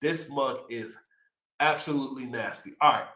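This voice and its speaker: A young man with a Texan accent hosting a casual livestream, excitedly reading out numbers and riffing on them. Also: medium pitch, normal speed, echoey room. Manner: excitable, hyped, reads figures aloud and riffs. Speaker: livestream host.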